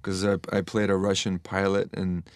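A man with a lowish voice, recorded dry and close with no room echo. He talks earnestly and reflectively as an interview guest, thinking aloud and often restarting his sentences. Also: monotone, moderate pace. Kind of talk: casual interview chat.

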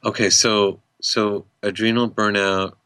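A man hosting a casual interview, chatty, quick to laugh and apologize. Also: fairly low pitch, flat delivery, bright, forceful tone, clean tone, no echo. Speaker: interview host.

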